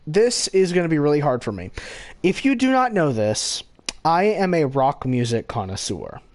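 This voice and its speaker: A man's voice: a little high, sing-song, moderate pace, darkish tone. A man hosting a gaming channel, giving rambling casual commentary with frequent self-corrections and giggly asides.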